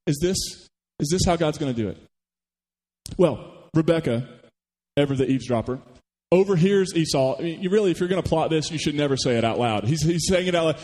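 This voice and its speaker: Animated male pastor in a reverberant church. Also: fairly high pitch, brisk. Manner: animated storytelling, rhetorical questions to the congregation. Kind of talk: sermon.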